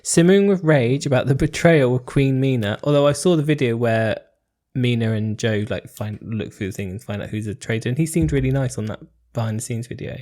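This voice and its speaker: A man's voice: medium pitch, brisk, hardly any pauses, darkish tone. A man from the UK co-hosting a casual podcast, full of joking, teasing banter. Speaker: podcast co-host.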